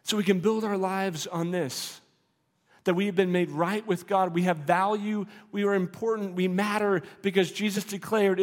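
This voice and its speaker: A man's voice: high voice, in a large hall. A man preaching a sermon as a pastor, earnest and repetitive, building to emphatic declarations.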